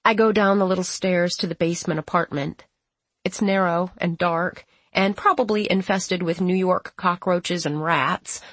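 A woman's voice: on the low side, a bit bright, no room sound. A woman narrating a first-person audiobook in a plain, conversational storytelling manner, close to the mic.

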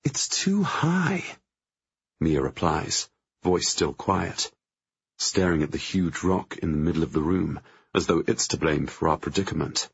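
A man narrating a novel in the first person, with measured and tense storytelling. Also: extremely low pitch, steady tone, vocal fry, breathy edge, lo-fi sound. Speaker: audiobook narrator.

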